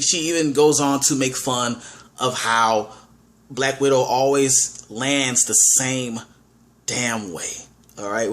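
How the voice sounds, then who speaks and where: A man giving a casual spoken movie review, enthusiastic, often restarting his words and saying "all right". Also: a little high.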